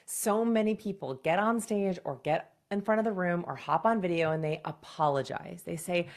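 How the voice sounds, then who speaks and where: A woman communication coach giving direct, punchy presentation advice in a scripted video. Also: fairly low pitch. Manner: direct, punchy advice with quick acted examples.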